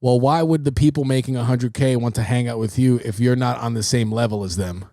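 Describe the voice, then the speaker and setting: A young man from New York City hosts his own livestream podcast, casually telling stories as an animated storyteller who swears freely. His voice is medium-pitched and a little fast. The audio is studio quality with no echo.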